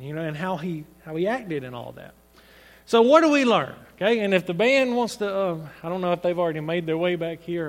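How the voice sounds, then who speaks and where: A man preacher giving an animated sermon, asking rhetorical questions and acting out the quotes he reads. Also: high voice. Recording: echoey hall with long reverb.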